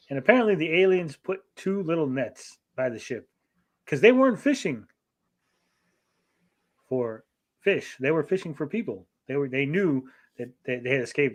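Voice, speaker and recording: A man co-hosting a podcast, casually recapping a TV episode in a profane, rambling way and briefly acting out the characters. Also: medium pitch. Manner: profane, rambling, acts out characters in quick asides. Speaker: podcast co-host.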